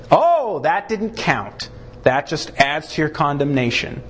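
A man's voice: creaky, slight background noise. A man preaching a sermon, acting out short exchanges and punching key words for emphasis. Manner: animated preaching, swings pitch widely for emphasis; acts out short dialogues between God and a sinner. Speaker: pastor.

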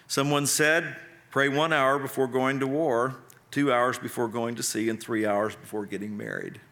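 Bright-voiced male pastor preaching. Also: medium pitch, fairly even intonation, moderate pace, a little hiss or hum. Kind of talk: sermon.

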